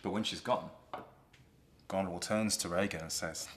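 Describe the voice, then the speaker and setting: Low-voiced guy telling a play's story, easy and chatty. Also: normal speed, pauses often. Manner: relaxed, conversational. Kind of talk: casual retelling of a play.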